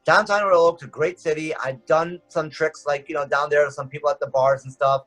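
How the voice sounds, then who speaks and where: A man's voice: fairly high pitch, fairly even intonation, a bit bright, soft background music, poor audio. A man from the Detroit area, a magician guest talking in a casual podcast chat, rambling with lots of fillers. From Metro Detroit, USA. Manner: rapid, rambling with many fillers.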